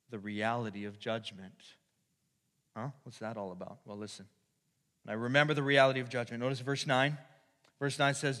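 A man preaching a sermon as pastor, asking the congregation rhetorical questions and swinging from quiet intensity to shouted peaks. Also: mid-range voice. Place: church sanctuary. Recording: long reverb of a large hall.

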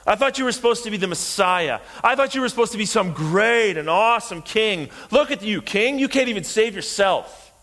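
A man's voice: medium pitch, unhurried, hardly any pauses, warm tone, slightly rough, long reverb tail, voice pushed down. A man doing a sneering, bitter crucified thief. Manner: sneering, taunting. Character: bitter mocking male criminal on a cross.

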